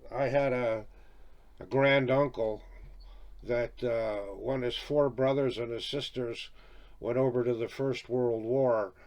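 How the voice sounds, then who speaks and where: A man's voice: medium pitch, fairly even intonation, takes it slowly, a little mellow. A man with a rambling, chatty manner, showing off his record collection in a casual video and tagging his sentences with little questions. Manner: rambling, chatty, peppered with "eh?" and "right?", chuckles often. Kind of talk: casual video chat about vinyl records.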